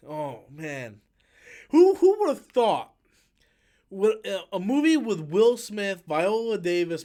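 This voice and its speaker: High-voiced man ranting with profanity. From United States. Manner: profane, exasperated ranting with mocking quotes. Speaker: YouTube movie commentator. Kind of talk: live-stream rant.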